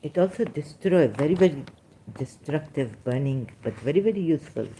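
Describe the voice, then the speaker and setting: Woman lecturer, low mellow voice; halting non-native English, unhurried, reading out verses. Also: lively intonation, slight background noise. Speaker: religious critic presenting scripture.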